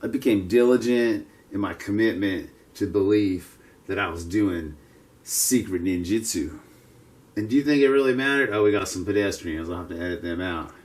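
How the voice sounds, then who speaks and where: Fifties male vlogger, lowish voice, digressive and self-mocking, outdoor walk-and-talk. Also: moderate pace, long pauses. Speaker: martial arts vlogger. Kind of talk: casual rambling monologue. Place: outdoors, with passers-by around.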